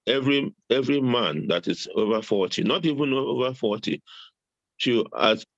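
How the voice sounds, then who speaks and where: A man's voice: mid-range voice, expressive, normal speed, no room sound, dull audio. An older man chatting as a guest, repeating words often and chuckling jovially about supplements. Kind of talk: casual interview talk.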